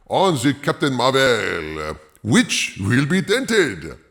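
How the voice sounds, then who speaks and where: A pompous French film critic with a wildly exaggerated accent, as a man hams it up. He drawls each phrase slowly, and his pitch leaps and swoops theatrically. He chuckles to himself as he muses. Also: sharp tone, full character voice. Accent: exaggerated fake French. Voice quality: over-the-top accent, drawn-out delivery, chuckling asides. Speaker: host. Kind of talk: comedic character monologue.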